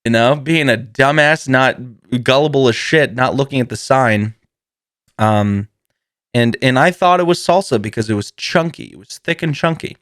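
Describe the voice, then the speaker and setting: A male podcast host tells comedic stories casually, rambling, swearing freely, and laughing often. His voice is medium-pitched and a bit bright, at a normal speed. The recording is studio quality with no room sound.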